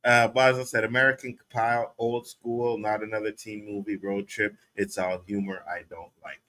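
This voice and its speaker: Bright-voiced man recapping a show. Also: lowish voice, normal speed. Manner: animated, laughing, acts out character quotes. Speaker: podcast co-host. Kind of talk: casual recap chat.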